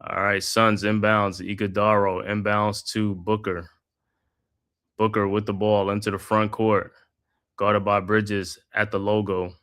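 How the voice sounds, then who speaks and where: A man hosting a live watch-party stream, calling the game play by play in a steady flow with casual slang asides. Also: on the low side, a little slow, smooth. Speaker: host.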